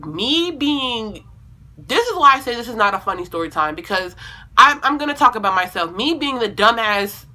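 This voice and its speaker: Bright-voiced young woman telling a rambling story. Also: on the high side, very animated, normal speed. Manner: rambling, self-correcting, swears freely. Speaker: vlogger. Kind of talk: casual storytime.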